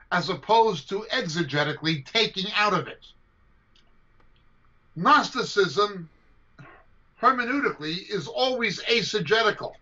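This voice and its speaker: A combative man lecturing on scripture, his voice high and sharp as he drives each point home and repeats it for weight. It comes through a dull, lo-fi video call line. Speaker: Bible teacher. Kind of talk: emphatic teaching answer to a question.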